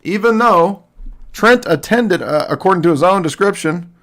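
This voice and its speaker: A man hosting a livestream, delivering combative, sarcastic commentary and often clearing his throat. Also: sits high, animated, normal speed, a bit bright. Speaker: livestream host. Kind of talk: argumentative solo commentary.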